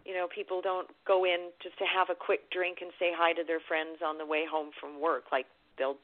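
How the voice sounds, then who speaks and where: A woman chatting casually as a guest, relaxed with many fillers. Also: fairly low pitch, a little fast. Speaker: guest describing travel. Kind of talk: casual chat. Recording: tinny phone line.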